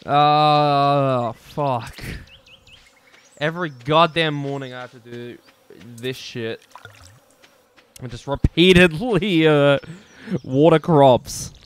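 A man's voice: a little high, takes it slowly, pauses often, clean tone. A young Australian man giving rambling, profane, self-mocking commentary over his own gameplay. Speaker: gaming YouTuber.

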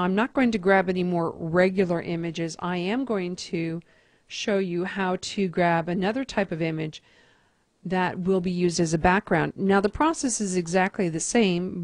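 A woman teacher calmly talking through a computer task step by step in a screen-recorded tutorial. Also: on the low side, normal speed, no echo. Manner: methodical, step-by-step instruction.

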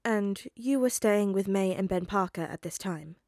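Woman voicing a calm male FBI agent. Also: medium pitch, no room sound, clean studio sound, lightly acted. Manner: gentle and measured.

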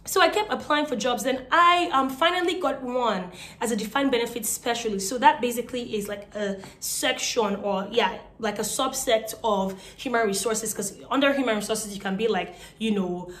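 A chatty young woman in her twenties with a Nigerian accent recounts her own story to camera. Her voice sits a little high for a woman. She talks casually and animatedly, with lots of fillers. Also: normal speed, hardly any pauses, fairly bright tone. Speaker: vlogger.

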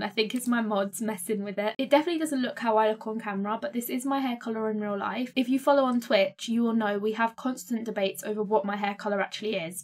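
A young woman gives casual, excitable commentary while playing a life-sim game, gasping and gushing as she goes. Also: on the high side. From England. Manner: gushing, excitable, gasps often. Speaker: gaming streamer.

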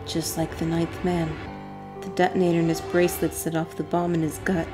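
A grim man speaking in a low, strained tone, read by a woman. The delivery is plain and subdued, as in a visual novel. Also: flat delivery, fairly quick, music in the background, lightly acted.

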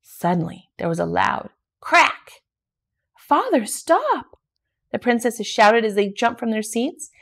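A woman reading a children's picture book aloud in a steady, gentle storytelling manner. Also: mid-range voice, normal speed, gravelly, few pauses. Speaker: storybook reader.

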